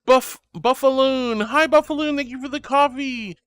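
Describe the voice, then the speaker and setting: A man's voice: very high voice, normal speed, fairly bright tone, clear, resonant tone. A man streaming as a VTuber, reading chat aloud and greeting viewers in an affectionate, bubbly way, calling them sweetie and honey.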